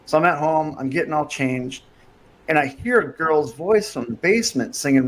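A man's voice: fairly high pitch, moderate pace, a little hiss or hum. A man telling a story in casual podcast chat, acting out what people said along the way. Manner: animated storyteller acting out quotes. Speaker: podcast guest.

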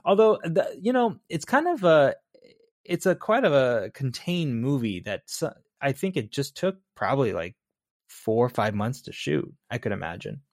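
A man's voice: mid-range voice, big pitch swings, normal speed, no room sound. Man, opinionated film podcast co-host, blunt and wry, dry close recording. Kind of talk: casual movie review chat.

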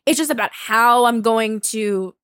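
A young woman talking bluntly in a casual chat, animated and swearing freely. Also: on the high side, a little slow, smooth, dry recording, clean studio sound.

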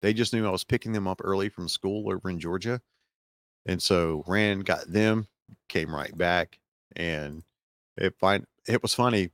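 A man's voice: sits low, measured pace, fairly bright tone, dry recording, studio quality. A man with a Southern American accent, hosting a casual podcast chat and telling a rambling story full of fillers. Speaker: podcast host.

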